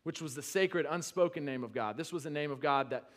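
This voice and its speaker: Male pastor, slightly high voice, preaching conversationally, swells to emphatic peaks, then drops low. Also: fairly quick. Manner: conversational with restarts and asides. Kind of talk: sermon.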